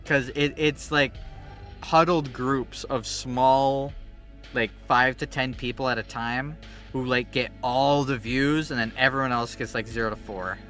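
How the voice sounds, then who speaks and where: A young man streaming a game, telling stories in a rambling, animated way and swearing freely. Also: mid-range voice, measured pace, faint music behind. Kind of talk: casual chat while gaming.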